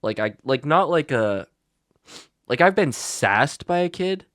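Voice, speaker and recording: A young adult man, a teacher and podcast co-host, telling a school story in blunt, animated casual chat with many likes and restarts. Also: on the high side, a little slow, no echo, studio quality.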